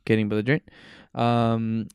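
A man's voice: mid-range voice, level tone, normal speed, a little mellow, smooth, no room sound, clean studio sound. A man hosting a casual podcast in a loose, upbeat way, often restarting his sentences. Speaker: podcast host. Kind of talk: casual chat.

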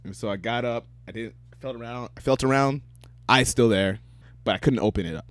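A man chatting casually as a co-host, telling lively stories and swearing freely. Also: mid-range voice, brisk, no echo. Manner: animated storyteller, swears freely. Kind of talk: casual chat.

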